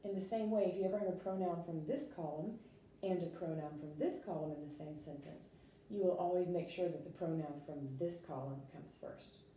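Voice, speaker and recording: A French teacher walks students through a recorded classroom lesson, patiently explaining step by step with lots of little fillers. Her voice is dark, mellow and on the low side, and she speaks briskly. She sits back from the mic in a very echoey room, with a faint hiss underneath.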